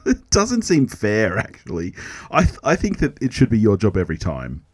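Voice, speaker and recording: A man's voice: fairly low pitch, wildly swooping pitch, moderate pace, darkish tone, no room sound. A man co-hosting a podcast, joking, laughing often and poking fun at himself. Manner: jokey, laughs often, self-deprecating. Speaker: podcast co-host. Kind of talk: casual chat.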